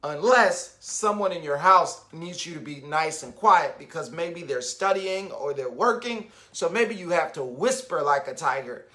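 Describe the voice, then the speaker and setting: A man reading a picture book aloud to young children in an animated way, stopping often to ask them questions and wonder about the pictures. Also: fairly high pitch. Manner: animated, asks the listener questions and pauses to wonder.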